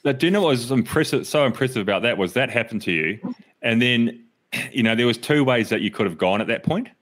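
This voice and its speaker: A man's voice: mid-range voice, lively intonation, quick pace, a bit bright. A man hosting a podcast, talking casually with enthusiastic, sweary praise for his guest. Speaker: podcast host.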